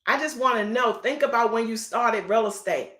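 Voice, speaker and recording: A woman's voice: fairly high pitch, moderate pace, fairly bright tone. A middle-aged woman real estate coach giving an emphatic, preachy motivational talk on a live stream. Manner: emphatic, repetitive, preachy, folksy. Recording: echoey room.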